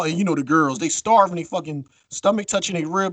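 A man's voice: on the high side, a little fast, fairly bright tone, no echo. Profane storytelling man, dry mic. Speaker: podcast co-host. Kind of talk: casual podcast chat.

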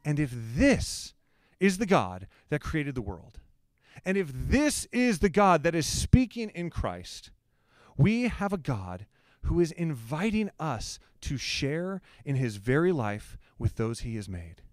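Pastor guy preaching, chatty and earnest, kinda high voice, dry close sound. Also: big pitch swings, slow, no echo. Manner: conversational preaching, earnest with humorous asides. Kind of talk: sermon.

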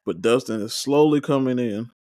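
A man hosting a watch-along, recapping scenes and reading out the characters' lines with quick joking asides. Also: medium pitch, a little mellow, no echo, clean studio sound. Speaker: watch-along podcast host. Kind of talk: casual recap, reading dialogue aloud.

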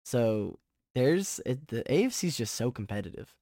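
A young man hosting a casual sports podcast who gets excited, rambles and often restarts his sentences. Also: mid-range voice, moderate pace, dry recording, clean studio sound. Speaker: podcast host.

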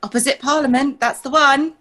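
A woman's voice: sits high, fairly even intonation, fairly quick, pushed and bright. A woman playing a dry young London actress. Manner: dry and exasperated.

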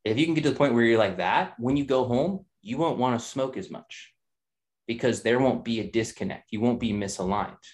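A man's voice: medium pitch, a little fast. A young man, a nutrition coach and trainer, talking candidly on a podcast, swearing freely and building points in chains. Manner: candid, profane, repeats ideas in chains. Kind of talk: casual podcast talk.

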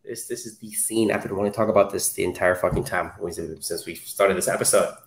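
A young man co-hosting a podcast, chatting excitedly about a movie, swearing freely. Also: fairly low pitch, a little fast, a little hiss or hum. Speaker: podcast co-host. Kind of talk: casual chat, movie talk. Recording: roomy echo.

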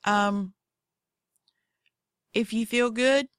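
A woman's voice: fairly high pitch, fairly even intonation, drawn-out words, clear, resonant tone, no echo, studio quality. A woman with a Southern accent hosting a podcast, telling goofy, folksy stories in casual monologue. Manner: goofy, folksy, acts out her cats in voices. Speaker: podcast host.

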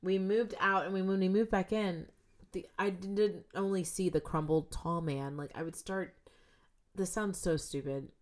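A young woman, a podcast guest, telling a creepy story in casual chat, swearing freely and swinging from loud bursts to hushed whispers. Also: on the low side, steady tone, measured pace.

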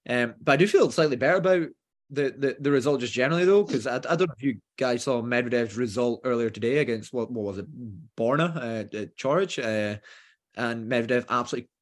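A man's voice: mid-range voice, quick pace. A man hosting a casual sports chat, hesitant and rambling with many fillers. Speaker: podcast host.

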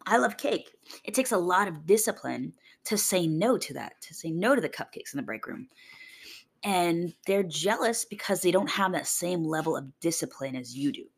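A woman's voice: lowish voice, animated, normal speed, slightly rough. A woman in a casual motivational monologue about fitness, blunt and swearing freely, often mimicking other people. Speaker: fitness vlogger.

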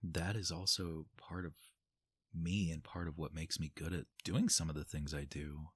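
In a laid-back podcast conversation, a very low, husky-voiced man speaks at a normal speed, cursing without restraint and frequently bursting into laughter. The recording sounds close and dry, with no room ambience.

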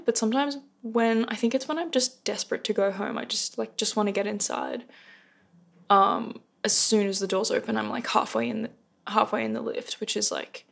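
A woman's voice: mid-range voice, vocal fry. A young woman hosting a casual rant podcast, rambling and self-deprecating on a close microphone. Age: young adult. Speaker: podcast host. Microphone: close podcast mic.

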